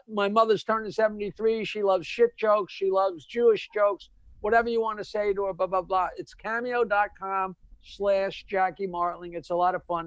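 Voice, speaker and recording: A man, a comedian guest, telling jokes in quick, punchy casual chat. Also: sits high, clean tone, dry recording. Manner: rapid, punchy storyteller, laughs at his own punchlines.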